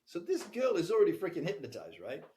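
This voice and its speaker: A man recounts a candid personal story on a podcast. His pitch moves a lot and he talks with animation. He keeps tagging his sentences with "right?". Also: wildly swooping pitch, quick pace, dark tone, slight background noise. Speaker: podcast guest.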